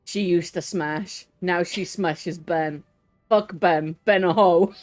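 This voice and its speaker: A woman's voice: lowish voice, fairly even intonation, slow, darkish tone, soft background music. A woman streaming a game, chatting crudely and laughing often. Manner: crude, giggly banter with frequent laughs. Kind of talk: casual chat while gaming.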